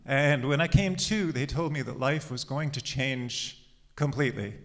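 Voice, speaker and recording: A man's voice: mid-range voice, a bit bright. A man in his forties, slightly out of breath, telling his life story in a conversational way. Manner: conversational storytelling with laughs and pauses. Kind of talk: personal life story told to an audience.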